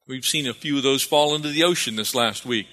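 A man's voice: medium pitch, fairly quick, pushed and bright. A man preaching a sermon as pastor, calling for amens and repeating phrases for emphasis. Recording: long reverb of a hall.

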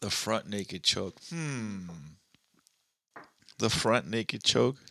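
Man, bright and forward tone, dry sound; crude, jokey host who laughs a lot. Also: lowish voice, extremely slow, gravelly, dry recording. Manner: crude, joking banter, laughs often. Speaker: podcast host. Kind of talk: casual chat.

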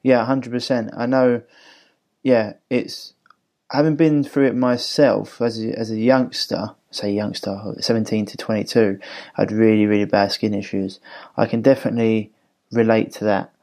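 A man's voice: lowish voice, little pitch movement, unhurried, mellow. A man hosting a podcast interview, asking questions casually, often restarting and apologizing. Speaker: podcast host.

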